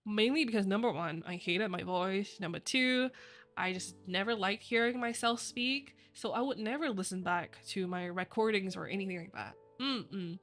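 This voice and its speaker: A woman's voice: medium pitch, a bit bright. A young woman streamer chatting casually with viewers, rambling with lots of fillers and giggling often. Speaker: virtual streamer. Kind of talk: casual livestream chat.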